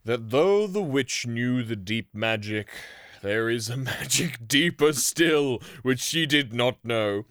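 A man voicing a grave, wise male lion king in a slow, solemn read-aloud. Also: mid-range voice, expressive, fairly bright tone, no echo, studio quality, pitched above the performer's own voice. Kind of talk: dramatic read-aloud of a book passage.

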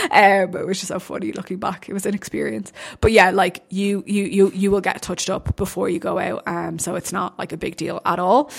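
A young woman hosting a casual solo podcast as a bodybuilding coach, talking bluntly, swearing freely and getting worked up as she answers listener questions. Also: medium pitch.

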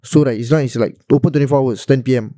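A man's voice: mid-range voice, very fast, dark tone, no echo, studio quality. A young man with a Singaporean accent hosting a casual podcast chat and joking in Singlish. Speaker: podcast host.

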